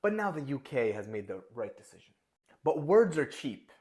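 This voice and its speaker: A man's voice: fairly high pitch, very animated, normal speed, a little mellow. A man giving casual commentary, reacting with sarcastic, wry asides.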